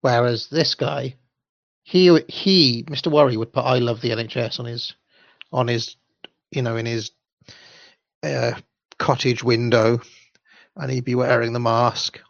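A man's voice: medium pitch, fairly even intonation, unhurried, creaky, pauses often, dry recording, muffled recording. Rambling male stream host. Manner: rambling, with restarts. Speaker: livestream host. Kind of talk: rambling commentary and storybook reading.

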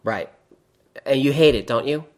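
Background noise accompanies this man as he reads viewer comments aloud on a casual livestream, speaking at a moderate pace in a medium-pitched voice. He slips into rambling, wry asides and often laughs at his own jokes.

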